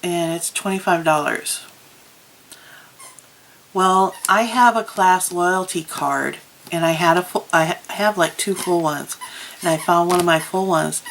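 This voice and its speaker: A woman's voice: fairly low pitch, measured pace, vocal fry, a bit bright, slight background noise, rough recording. A woman vlogger chatting casually about crafts, telling stories with plenty of ums. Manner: chatty, storytelling with many ums. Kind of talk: casual chat.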